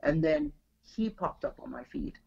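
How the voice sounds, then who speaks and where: Middle-aged woman, low-pitched chatty storyteller, lo-fi call audio. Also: unhurried, darkish tone. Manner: chatty, retells a friend's words with many "she goes". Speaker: guest. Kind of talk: casual storytelling on a video call.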